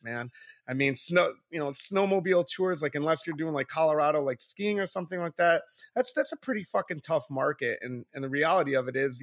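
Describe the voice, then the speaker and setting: A man's voice: a little high, bright, forceful tone. A man co-hosting a podcast in casual banter, swearing often and joking with a laugh. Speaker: podcast co-host.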